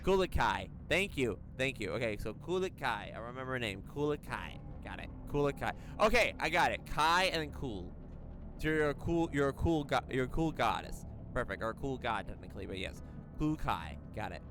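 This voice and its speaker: A young male streamer reads a game's story aloud a little fast, fumbling the words and breaking into laughter again and again with animated reactions. His voice is mid-range, and the background is noisy with loud game music.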